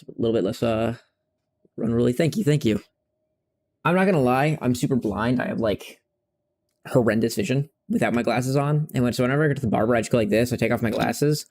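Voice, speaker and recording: A man's voice: mid-range voice, gravelly, a little mellow, slight background noise. A young man in his twenties chatting casually and frankly while playing a game, rambling and swearing freely. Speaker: streamer. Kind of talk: casual gameplay chat.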